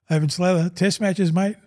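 An Australian man in his sixties, once a rugby league front rower, tells rambling stories as an interview guest in a relaxed setting. He acts out past exchanges and keeps calling the host "mate," in a high voice with a darkish tone.

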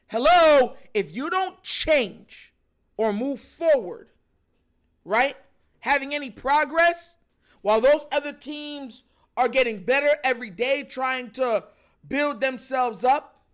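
A man hosting a sports show, ranting in animated, filler-heavy commentary about his team. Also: very high voice, slow, clean tone. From Jamaican family.

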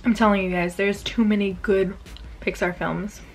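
A woman's voice: medium pitch, fairly even intonation, moderate pace, slight background noise. A young woman vlogging casually while she eats, chatty and gushing, with lots of ums and likes. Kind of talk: casual vlog chat while eating.

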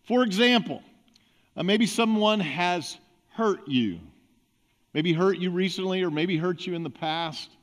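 A man with a notably high-pitched voice delivers a church sermon. He talks in a relaxed, conversational way and acts out small everyday scenes to make his points. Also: a little slow. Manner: conversational preaching with acted-out examples. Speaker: pastor. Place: church sanctuary.

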